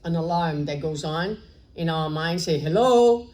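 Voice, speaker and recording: A woman's voice: sits low, level tone, moderate pace, rough recording. A woman giving a public spiritual lecture in a conversational way, often asking rhetorical questions and tagging "right?". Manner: acts out short dialogues in her story.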